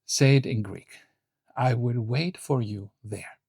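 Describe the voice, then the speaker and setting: A man's voice: medium pitch, a little mellow, no room sound. Man teaching Greek, dry sound. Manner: clear, slow model phrases with quiz prompts. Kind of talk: online language lesson.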